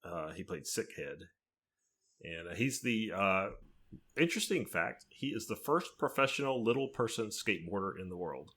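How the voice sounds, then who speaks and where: A middle-aged man co-hosting a podcast in casual chat, telling relaxed stories and asides. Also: fairly low pitch, moderate pace. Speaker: podcast co-host.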